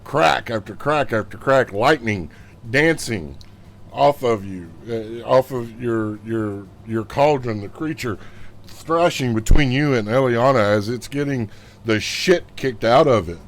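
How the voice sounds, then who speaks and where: A man's voice: mid-range voice, a little slow. A man narrating as game master of a tabletop game, mixing vivid combat description with casual rules talk.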